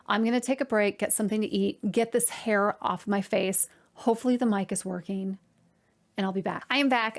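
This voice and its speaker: A woman hosting a knitting podcast from home, talking to camera in a chatty, excitable way and addressing her viewers directly. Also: mid-range voice. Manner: chatty and excitable, full of "like" and "you guys". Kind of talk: casual chat to camera.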